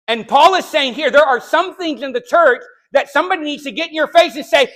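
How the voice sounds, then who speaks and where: A man preaching a sermon, telling a story in a conversational way and then building to sharp, shouted rebukes. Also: extremely high pitch, expressive, a little fast, hardly any pauses. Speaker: pastor. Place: church sanctuary.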